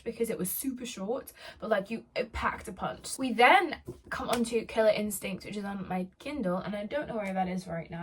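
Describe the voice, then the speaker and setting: Young woman, book vlogger, casual and dramatic, slightly high voice. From United Kingdom. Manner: dramatic, chatty, self-mocking. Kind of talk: casual chat.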